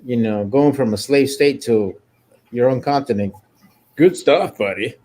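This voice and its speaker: An American man in casual podcast chat, telling profane, animated war stories and jokes. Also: medium pitch, a little slow. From United States. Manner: profane, animated storytelling with loud impressions. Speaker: podcast co-host, military veteran.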